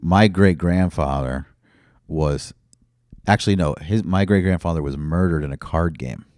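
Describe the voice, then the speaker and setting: A man talks in a very low, deep register. He rambles through stories on a casual podcast, swearing freely as he goes. The sound is close and dry, with no room around it. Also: normal speed, darkish tone, no room sound. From Brooklyn, New York. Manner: profane, rambling storyteller. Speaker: comedian guest.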